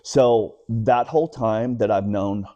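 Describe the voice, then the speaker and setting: This Texas man in his forties has a lowish voice and takes his time, captured on a muffled recording without room sound. He's an animated interview guest sharing personal stories casually and voicing the people he quotes.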